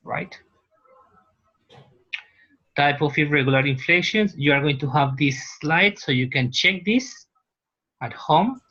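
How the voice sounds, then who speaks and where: A man's voice: on the high side, expressive, takes it slowly, long pauses, bright, forceful tone. Guy teaching class, keeps asking "right?", kinda muffled lo-fi sound. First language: Spanish. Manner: explains patiently, checks understanding with "right?". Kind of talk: university lecture.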